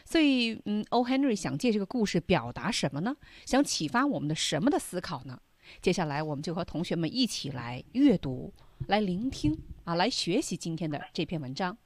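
A woman hosting a bilingual language lesson, animated and emphatic, mixing two languages. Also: lowish voice, a little fast, no echo. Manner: animated, switches between languages, rising emphasis. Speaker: teacher and host.

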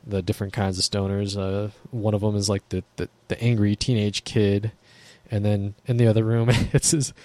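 A man's voice: lowish voice, darkish tone, dry recording. A man ranting casually to camera in a blunt, profane, rambling way.

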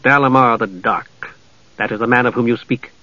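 A man voicing a stern, proud male knight who speaks slowly and gravely, in a storybook reading. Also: medium pitch, fairly even intonation, no echo, muffled recording, close to an everyday voice. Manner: slow, measured, grave.

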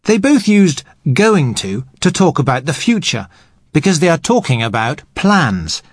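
Brief: patient male English teacher, fairly high, lively pitch, dry close mic. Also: dry recording. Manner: patient, measured. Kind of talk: explaining grammar to learners.

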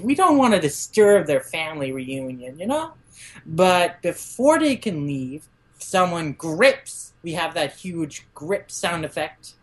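A woman guest on a podcast recapping a manga chapter in casual chat, using lots of "like" fillers and acting out the characters' lines in quick, raised voices. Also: fairly low pitch.

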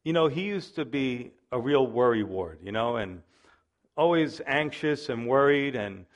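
A man's voice: mid-range voice, lively intonation, measured pace. A man preaching a sermon as pastor, in a chatty storytelling way.

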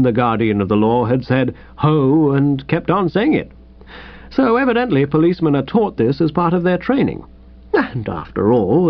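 A man narrates a comic first-person tale, playful and animated, his pitch bouncing all over. The recording sounds dull and lo-fi. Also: no room sound. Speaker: audiobook reader.

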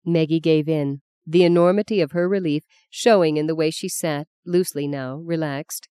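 Woman narrator, audiobook, low mellow voice, dry close sound, measured reading. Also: fairly even intonation, smooth, no echo. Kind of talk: scripted narration.

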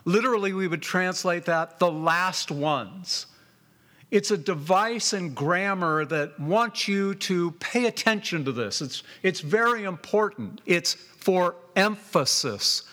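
A man preaching a sermon as pastor, emphatic and deliberate, repeating phrases for weight. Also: high voice, expressive, fairly bright tone. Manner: slow and deliberate, drawn-out phrases.

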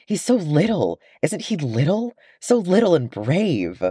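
Excitable young dwarf, voiced by a man, high, gushing, storybook reading. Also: takes it slowly, husky, dry recording, clean studio sound, exaggerated voice.

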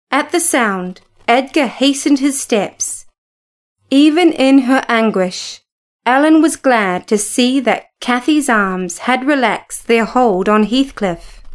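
A woman narrates a storybook in a high voice. She reads at an unhurried, deliberate pace. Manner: steady, measured reading. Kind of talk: storybook reading.

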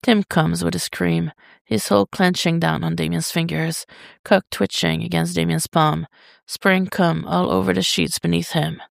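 A woman reading fiction aloud as a podfic, in a steady, unhurried way. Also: lowish voice, gravelly, dry recording, clean studio sound. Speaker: podfic reader. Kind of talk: slow fiction narration.

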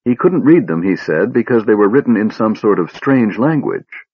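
A man's voice: on the low side, expressive, moderate pace, husky, dry recording, muffled recording, voice pushed up. A man reading aloud who voices a small, nervous male kender, talking eagerly and stammering.

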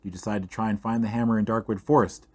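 A man reading a fantasy gamebook aloud in a steady storytelling voice, speaking to the listener as "you". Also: fairly low pitch, fast talker, breathy edge. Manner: steady storytelling read-aloud, second person. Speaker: game reader.

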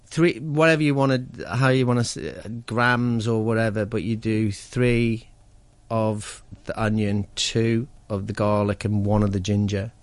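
A man's voice: fairly low pitch, steady tone, a little slow, few pauses, no echo. A man chatting casually on a radio show about food and diets, rambling and enthusiastic, with lots of fillers and restarts. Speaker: guest cook.

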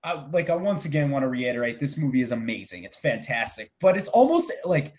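A young man chatting casually about a movie he liked, excitable and quick to swear. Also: mid-range voice. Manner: excitable, swearing, laughing often. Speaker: movie reviewer. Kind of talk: casual movie review chat.

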